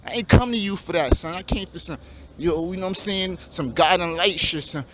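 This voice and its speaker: A man's voice: high-pitched, a little fast, natural voice. A man voicing a laid-back young male dreamer in a comedy skit, drawling slang in a mumble. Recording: dull lo-fi, faint hum.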